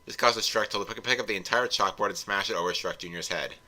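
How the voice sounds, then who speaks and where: Brief: male host, wry comic reader, low and very bright. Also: fast talker. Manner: wry, breaks into laughter. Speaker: host, fanfiction reviewer. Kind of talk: comedic read-along commentary.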